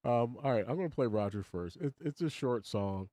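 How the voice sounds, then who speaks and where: A man's voice: medium pitch, expressive, brisk, warm tone, no echo. An older man hosting his own live stream, rambling and opinionated, chuckling as he talks to his chat. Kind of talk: casual live-stream monologue.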